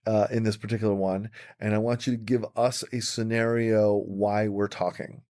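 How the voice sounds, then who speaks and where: A man's voice: fairly low pitch, little pitch movement, normal speed, darkish tone. A man hosting an improv comedy podcast, playful and upbeat as he leads the games. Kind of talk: casual improv chat.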